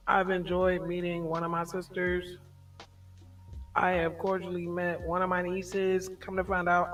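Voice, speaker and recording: Animated woman hosting a livestream chat. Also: fairly low pitch, far from the mic. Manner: animated storytelling, laughs often. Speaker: livestream host.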